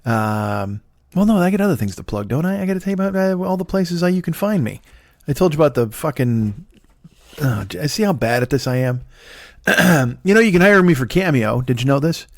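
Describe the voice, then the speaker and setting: A man's voice: a little high, animated, brisk, no echo. Man, 50s, comic podcast host; swears freely, mocks himself, drifts off topic, close dry sound. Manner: profane, self-mocking, wandering asides. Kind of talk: rambling solo comedy podcast.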